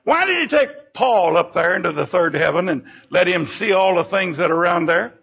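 An older man preaching a sermon with fervent emphasis, his voice leaping up and sinking low between phrases. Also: animated, moderate pace, creaky, a bit bright, husky. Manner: fervent preaching, sudden rises and drops in pitch and volume. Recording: dull lo-fi recording.

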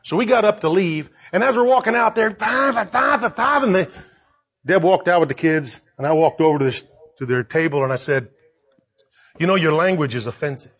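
An older man preaching a sermon as pastor, emphatic and rising to shouts. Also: sits high, fairly quick, breathy edge. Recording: dull lo-fi recording.

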